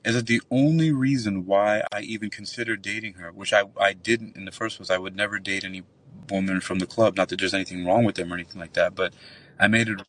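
This bouncer at a nightclub rattles off a rambling, foul-mouthed tale at a quick clip on a casual call-in show. His voice sits on the low side, the mic is distant, and his retelling is animated.

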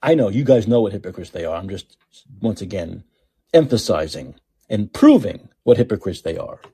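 A man's voice: lowish voice, very animated, moderate pace, mellow, slightly rough, no echo, studio quality. An older man hosting a political call-in podcast, talking in a sarcastic, exasperated way and repeating himself for emphasis. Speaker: podcast host.

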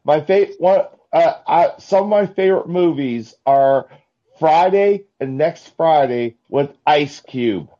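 A man calling in to a live talk show, telling jokes in a halting way with many restarts. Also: a little high. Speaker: caller. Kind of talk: casual call-in chat. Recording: dull lo-fi call-in line.

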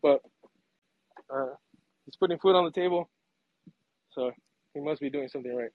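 A man's voice: fairly high pitch, normal speed, dry recording. A man calling in to a podcast, blunt and earnest, laughing between points. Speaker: caller. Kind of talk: casual call-in chat. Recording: dull, dry phone-in audio.

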